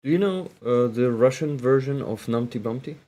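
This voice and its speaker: A man's voice: mid-range voice, normal speed, warm tone. A man from Ukraine with a Ukrainian accent, co-hosting a livestream with playful banter and frequent laughs. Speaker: co-host.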